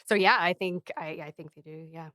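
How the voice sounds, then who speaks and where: A woman's voice: on the low side, a little fast, pushed and bright, dry recording, clean studio sound. A woman player in a tabletop game, talking casually and thoughtfully with hesitant fillers.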